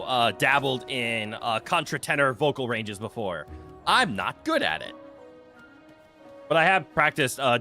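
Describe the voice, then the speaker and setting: A man streaming a video game, chatting casually with his viewers and laughing often. His voice is bright and lively, jumping around in pitch, and faint game music plays behind him. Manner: playful, chatty, quick to laugh. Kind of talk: casual gameplay commentary.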